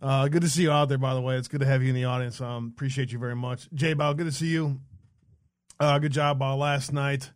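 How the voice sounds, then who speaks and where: A man's voice: mid-range voice, steady tone, fairly quick, no echo, clean studio sound. A man co-hosting a casual political livestream, reading headlines aloud and mocking them with sarcastic, profane asides. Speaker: podcast co-host.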